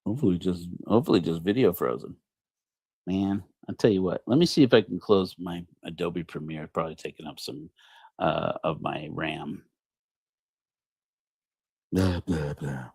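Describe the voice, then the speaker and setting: A man's voice: sits low, moderate pace, creaky, long pauses, darkish tone, slightly rough, no room sound. A man preaching a comedic, rambling sermon on a livestream, joking and self-deprecating. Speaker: preacher of a parody church.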